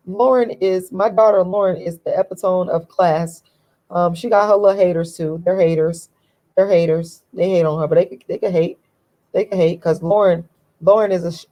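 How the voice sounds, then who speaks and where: Emphatic woman with a lowish voice. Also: poor audio. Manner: emphatic, repeats phrases for stress; talking from a relaxed, laid-back position. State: voice tired from talking all day. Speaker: channel host. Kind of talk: casual opinion vlog.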